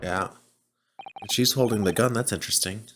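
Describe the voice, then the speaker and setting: A man's voice: on the low side, a little fast, noisy background. A man hosting a let's play, giving casual commentary, chatting along as he reads the game text aloud and laughs often.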